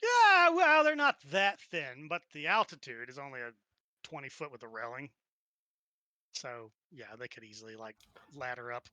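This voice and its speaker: A woman's voice: very deep voice, animated, normal speed, bright, forceful tone, no room sound. A woman running a tabletop game as game master, narrating and chatting with players in a giggly, rambling way.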